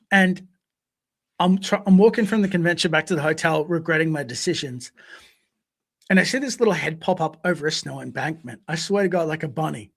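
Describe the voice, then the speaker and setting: A man co-hosting a podcast, telling stories casually in an animated way, swearing freely and acting out voices. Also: a little high, normal speed, gravelly, pauses often. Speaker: podcast co-host. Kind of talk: casual storytelling.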